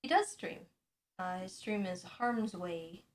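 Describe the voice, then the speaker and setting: A woman in her late twenties chatting casually on a live stream at home into a boom microphone, relaxed and full of ums. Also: slow pace, a little hiss or hum. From United States. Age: late 20s.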